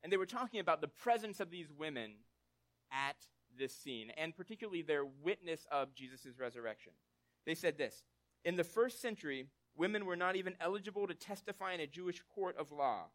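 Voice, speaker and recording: High-voiced man preaching conversationally. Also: fairly quick. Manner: conversational, tag questions like "right?"; animated storytelling with acted quotes. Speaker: pastor. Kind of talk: sermon.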